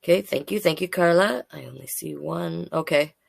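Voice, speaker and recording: Playful storytime host. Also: female voice, low-pitched, normal speed, gravelly, no room sound. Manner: chatty and playful, greeting viewers by name. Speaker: drag king storyteller reading to children. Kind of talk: casual live-stream storytime.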